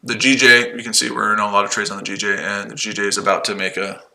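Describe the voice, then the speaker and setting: Combative trading streamer, lowish forceful voice, mocking and sweary toward chat. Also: male voice, flat delivery, fast talker, gravelly, rough recording. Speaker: day-trading livestream host. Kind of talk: live-stream chat answering viewers. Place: his shed.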